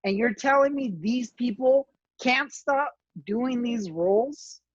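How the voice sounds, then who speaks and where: A woman's voice: on the high side, slow, no room sound. A woman co-hosting a casual talk show, speaking emphatically and firmly. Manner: emphatic, opinionated. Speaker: podcast co-host. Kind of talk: casual chat. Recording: dry, dull lo-fi sound.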